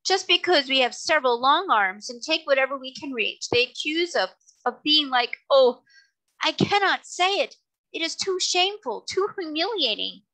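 A woman's voice: medium pitch, a little slow, sharp tone, no room sound, poor audio. Woman voicing a pompous dandy octopus. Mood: sobbing. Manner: airy, pedantic, then sobbing. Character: pompous dandy male octopus, touchy and weepy.

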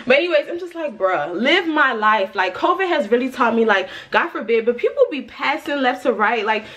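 A young woman vlogging to a phone camera in a casual, animated way, talking straight to her viewers. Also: on the high side, a little fast, lo-fi sound. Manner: chatty, animated, lots of "like" and "y'all". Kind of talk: casual vlog chat to camera. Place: car then indoor car showroom.

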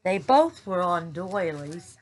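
A woman's voice: on the low side, lively intonation, slight background noise. A woman, gushing as she unboxes and shows off craft pieces in a casual vlog. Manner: gushing, drawn-out, repeats herself. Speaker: crafting YouTuber.

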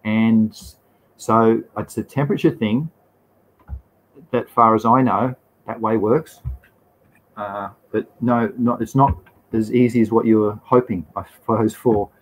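A man's voice: lowish voice, steady tone, measured pace, long pauses, low-quality recording. A man with an Australian accent hosting a live stream and answering chat questions in a laid-back, rambling way, with slang and the odd swear word. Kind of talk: casual live Q&A.

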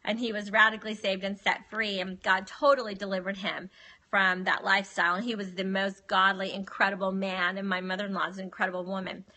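Woman, forties, bright voice, lively personal storytelling, phone livestream. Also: medium pitch, fairly quick. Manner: animated, addresses viewers as y'all. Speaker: livestreamer sharing her life story.

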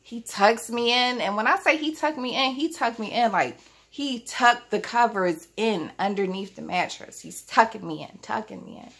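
A chatty woman telling a childhood story to her viewers from home, her voice carrying a noticeable gravelly fry. She keeps things casual and talks directly to the audience in a relaxed storytime manner. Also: a little high, moderate pace. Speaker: vlogger. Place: at home, family in the house.

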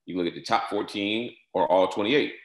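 A man giving a step-by-step software tutorial, repeating short instructions and filling pauses with "all right". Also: lowish voice, roomy sound. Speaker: software trainer. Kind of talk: screen-share tutorial walkthrough.

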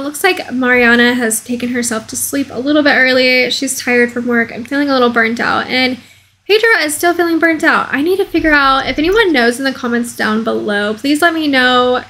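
Bubbly high-voiced woman gaming host. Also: moderate pace, bright, forceful tone, low-quality recording. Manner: bubbly, gushing. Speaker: let's play host. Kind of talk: casual gameplay commentary.

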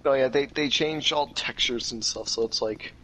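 A young man, slightly hoarse, rambling casually with lots of fillers while playing a game. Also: medium pitch, moderate pace, pushed and bright, low-quality recording. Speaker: gamer. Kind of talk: casual chat over gameplay. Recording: game gunfire and engine noise behind.

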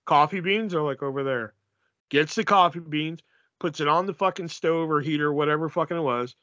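A man's voice: on the high side, brisk, sharp tone, dry recording, lo-fi sound. A man co-hosting a podcast, retelling movie scenes in a casual, profane way. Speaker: podcast co-host.

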